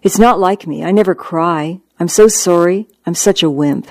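A reader doing a gentle, tearful dying woman. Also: fairly low pitch, normal speed, no room sound. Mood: teary. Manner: soft, apologetic, teary. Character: dying middle-aged woman, gracious and polished. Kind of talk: audiobook narration.

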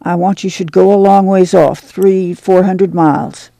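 Poor farm mother, tender and stern, a man putting her on, folksy speech, gravelly texture. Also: sits high, fairly even intonation, a little slow, dark tone, no echo. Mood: insistent. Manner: folksy rural dialect, pleading and stern. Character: worried poor farm mother, middle-aged woman, tender but firm. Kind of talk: audiobook character reading.

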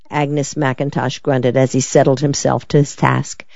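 An audiobook narrator reading a crime story in an even, measured way. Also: medium pitch, gravelly, dry recording, dull audio. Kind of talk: scripted narration.

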